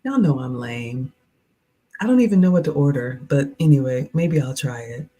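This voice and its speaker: Southern lady livestreaming, low warm voice, chatty and playful, reads viewer comments out loud. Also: animated, moderate pace, breathy edge. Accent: Southern American. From American South. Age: middle-aged. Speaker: cooking and lifestyle livestreamer. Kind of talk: casual livestream chat with viewers.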